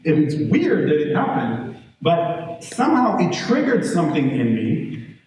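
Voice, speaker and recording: A male educator gives a live parenting workshop, telling lively stories in a conversational, animated way and checking in with the audience. His voice is a little high and a little slow. The mic is distant, so the room sounds echoey, with faint hiss in the background.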